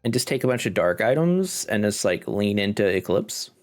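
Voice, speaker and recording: A man's voice: normal speed, faint music behind. Congested man mulling over game choices. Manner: thinks aloud, chuckles, lively pitch. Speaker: gaming video host. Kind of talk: casual game commentary.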